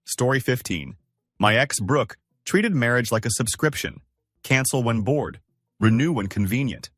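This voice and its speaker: A man narrating scripted first-person stories in a dry, measured, wry way. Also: medium pitch, lively intonation, a bit bright, dry recording. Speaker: storyteller.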